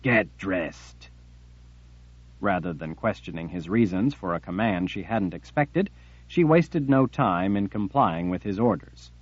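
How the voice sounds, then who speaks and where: Man, audiobook narrator, measured reading, dull muffled dry recording. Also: deep voice, animated, husky, dry recording.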